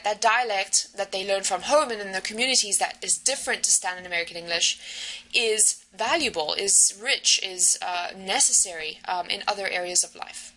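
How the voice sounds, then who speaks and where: A woman's voice: medium pitch, pushed and bright, low-quality recording. A woman lecturer explaining course material in a recorded lesson, with frequent fillers and checking questions. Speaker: university lecturer.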